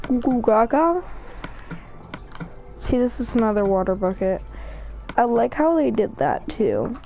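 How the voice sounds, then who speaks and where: A woman's voice: mid-range voice, sing-song, normal speed, vocal fry, muffled recording. A young woman streaming a game, chatting casually and rambling through jokey, absurd asides. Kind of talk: casual gameplay commentary.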